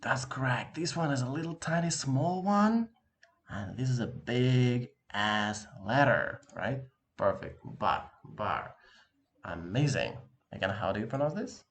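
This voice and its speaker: A man teaching an online language lesson, lively and encouraging, talking casually with slang to his viewer from a room with an open window. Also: mid-range voice, a little slow, a little hiss or hum. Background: dog barking outside.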